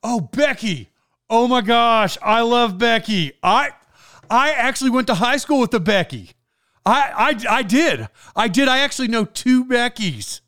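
A man's voice: very high voice, animated, a little slow, sharp tone, pitched above the performer's own voice, full character voice. A man doing a gushing, nerdy chatterbox guy. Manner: gushing, overly friendly. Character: chatty nerdy adult man, over-eager.

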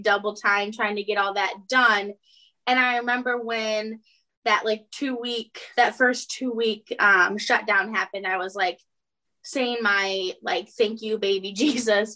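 A woman in her twenties chatting on a podcast, relaxed and candid, laughing often. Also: medium pitch, unhurried. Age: 20s. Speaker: podcast co-host. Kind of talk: casual podcast chat.

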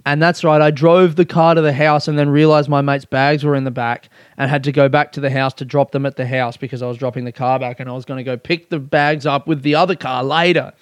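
A man's voice: mid-range voice, steady tone, a little fast, hardly any pauses, clean tone, no room sound. A man hosting a casual solo podcast, rambling and self-mocking, with frequent swearing. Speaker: podcast host.

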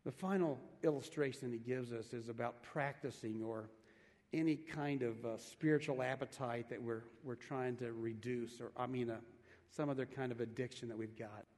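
Pastor preaching in a reverberant hall. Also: male voice, mid-range voice, fairly even intonation, moderate pace. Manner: leads the congregation through a quiet breath prayer, repeating words as he restarts. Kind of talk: sermon.

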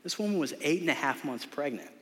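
A man preaching to his congregation with a slightly high voice. He talks in an earnest, conversational way, telling a story and slipping in filler words. The sound carries a long church-hall reverb. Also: expressive, fast. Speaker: pastor. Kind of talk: sermon with storytelling and prayer. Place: church sanctuary.

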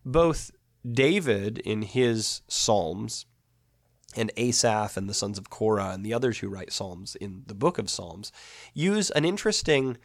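A man's voice: medium pitch, dry recording, clean studio sound. A man teaching biblical poetry in a patient, methodical lecture, explaining each point step by step.

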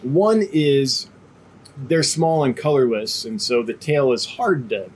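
A man hosting a casual live stream as a fish seller talks slowly in a mid-range, darkish voice, with a little hiss or hum in the recording. He's chatty and rambling, heavy on fillers, with a cough drop in his mouth and a slight lingering cough.

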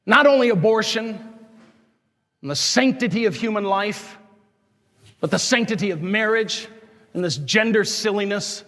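A man's voice: high voice, lively intonation, normal speed, long pauses, a bit bright. A man, a parish priest, preaching an impassioned sermon full of rhetorical questions and declared righteous anger. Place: large church. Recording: long church reverb.

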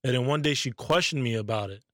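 Brief: man, podcast co-host, mid-pitched, laid-back storyteller, profane, dry close sound. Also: quick pace, fairly bright tone, no room sound. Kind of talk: casual chat.

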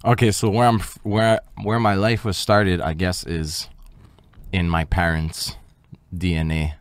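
A man's voice: low-pitched, little pitch movement, unhurried, smooth, no echo. A man from Canada, a guest in a casual interview at home, joking and self-deprecating while he talks with a mouthful of food. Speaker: guest rapper. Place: home room.

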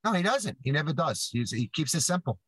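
A man's voice: a little high, big pitch swings, fairly quick, fairly bright tone, husky, no echo, low-quality recording. Teasing man talking from his car. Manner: teasing, rambling. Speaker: podcast co-host. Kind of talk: casual chat.

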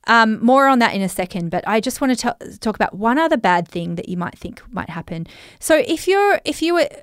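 A woman's voice: on the high side, sing-song, fairly quick, no echo, studio quality. An Australian woman coaching listeners on money in a chatty, reflective way, with many fillers. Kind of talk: talking straight to listeners.

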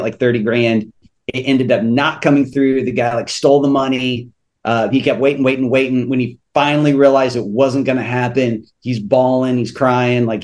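A man, a returning guest on a podcast, talking earnestly and telling stories about faith and money, often restarting his sentences. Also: medium pitch. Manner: earnest, animated storyteller with frequent restarts. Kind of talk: faith-based podcast conversation.

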